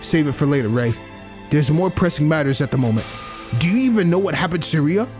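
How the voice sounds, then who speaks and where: A man's voice: fairly high pitch, expressive, fast, darkish tone, soft background music, lightly acted. A man reading a furious cursing young woman. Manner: angry, cursing, reading game dialogue aloud.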